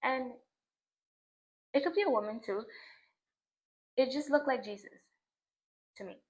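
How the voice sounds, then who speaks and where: A woman's voice: high-pitched, lively intonation, measured pace, low-quality recording. A young woman talking to the camera outdoors at a scenic view at sunset, reflective and emotional, with lots of "like" fillers. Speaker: vlogger. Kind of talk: casual spiritual vlog monologue. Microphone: camera in front of her.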